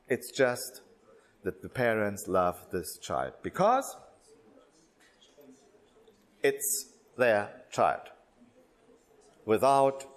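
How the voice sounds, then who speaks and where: A man leads a religious workshop in a slightly higher register, his pitch rising and falling with strong expression. He speaks slowly, pausing often and restarting phrases. His English has non-native phrasing. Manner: slow, deliberate, with many pauses and restarts.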